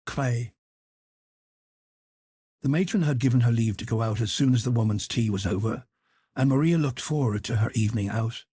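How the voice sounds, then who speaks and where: Husky, dry-voiced male audiobook narrator. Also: mid-range voice, moderate pace, long pauses, mellow, no echo. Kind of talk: scripted narration.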